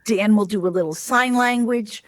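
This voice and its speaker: A woman guest telling a family story with lively, laughing delivery on a podcast. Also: mid-range voice, normal speed, no room sound, studio quality. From Chicago. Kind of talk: animated anecdote telling.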